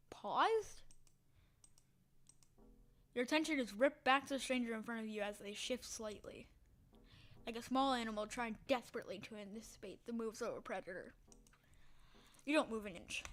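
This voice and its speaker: A woman reading a text game's story aloud with dramatic delivery, breaking off for short spoken asides and sometimes dropping into a whisper. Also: a little high. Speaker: game streamer.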